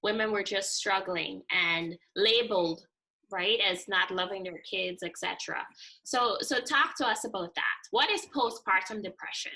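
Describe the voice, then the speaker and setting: A woman's voice: medium pitch, normal speed, sharp tone, poor audio. A woman hosting an interview, chatting easily and steering the talk with questions. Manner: conversational, leads with questions. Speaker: podcast host. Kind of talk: interview chat.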